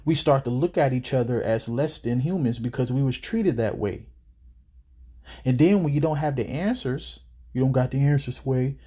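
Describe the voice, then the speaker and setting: A man's voice: medium pitch, moderate pace, warm tone, husky. A man out of breath, reading and quoting scripture in a casual, preachy commentary on a clip. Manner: preachy, quotes scripture at length; casual street talk. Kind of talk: religious reaction commentary.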